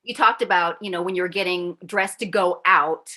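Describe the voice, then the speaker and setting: A woman's voice: fairly low pitch, normal speed, bright, forceful tone. A woman, likely in her forties, hosting a conversational interview, asking curious, chatty questions. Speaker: interview host.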